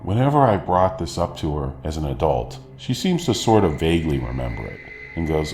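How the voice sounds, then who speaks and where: A man narrating a true scary story from a script in a steady, wry storytelling manner. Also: a bass voice, a little fast, hardly any pauses. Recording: echoey room with faint hiss.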